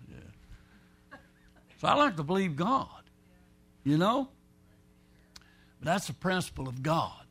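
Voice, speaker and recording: A pastor preaching a folksy, rambling sermon, swinging between loud and soft. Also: male voice, mid-range voice, vocal fry.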